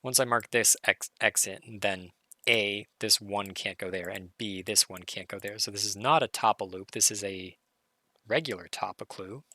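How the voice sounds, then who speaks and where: Streamer, male, hoarse and gravelly, bright tone, dry close mic, live puzzle solve talked through aloud. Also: lowish voice, normal speed, dry recording. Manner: muttering, self-correcting, excited.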